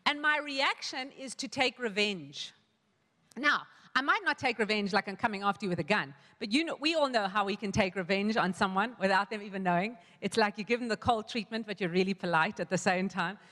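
A woman's voice: mid-range voice, fairly quick, a bit bright, in a large hall. A woman pastor giving a sermon to a congregation, telling a personal story with frequent restarts and quoted asides. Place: church hall.

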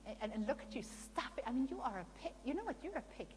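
A woman putting on a shrill, jeering mean friend. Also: big pitch swings, racing, a little mellow, big-room sound, a little hiss or hum. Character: harsh mocking female friend.

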